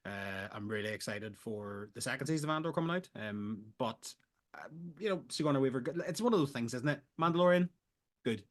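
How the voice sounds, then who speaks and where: A man's voice: medium pitch, brisk. Rambling man, film podcast host. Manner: rambling, jokey, gets loud when excited. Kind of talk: casual chat.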